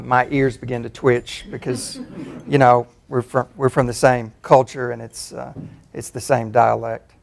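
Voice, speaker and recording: A man in his fifties from Tennessee with a Southern accent, giving a relaxed, self-deprecating personal talk as a faculty speaker. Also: medium pitch, gravelly, slight background noise. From Tennessee, USA. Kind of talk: personal talk at a campus forum.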